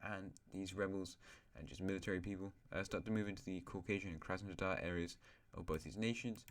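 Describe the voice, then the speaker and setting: A man's voice: low voice, fairly even intonation, brisk. A male host casually narrating an alternate-history map, rambling with asides and correcting himself.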